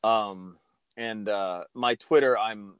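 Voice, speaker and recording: A man's voice: on the low side, fairly even intonation, slow pace, smooth, no room sound. A man from Portland, a guest in a casual interview, chatty and jokey, telling anecdotes.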